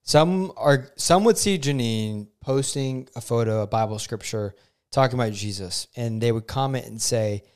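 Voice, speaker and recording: A man, a pastor co-hosting a podcast, talking thoughtfully in casual chat and pausing to find his words. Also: mid-range voice, a little mellow, clean tone. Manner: thoughtful, searches for words with ums.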